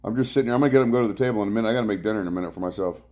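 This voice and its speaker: Speaking at a racing pace in a fairly low, slightly mellow voice, a man hosts a laid-back live stream from his couch at home. He greets each viewer in turn and rambles loosely across topics, his audio coming through the clip-on mic he wears when biking.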